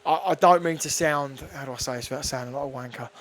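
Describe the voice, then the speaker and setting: A man in a casual interview, talking bluntly and swearing often, telling stories with animated put-on voices. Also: mid-range voice, fast, slight background noise. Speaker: guest kickboxer.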